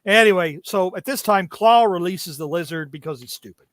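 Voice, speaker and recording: High-voiced young man recapping comics. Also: a bit bright, dry recording, studio quality. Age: young adult. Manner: jokey, halting with many fillers. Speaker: podcast co-host. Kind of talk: casual comic book recap.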